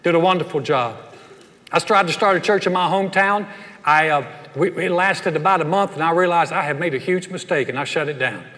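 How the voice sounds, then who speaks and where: A man's voice: fairly high pitch, a little fast, pushed and bright. A man from North Carolina preaching a sermon, telling stories in a folksy way and acting out the voices of the people in them. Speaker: pastor. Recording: long reverb of a large hall.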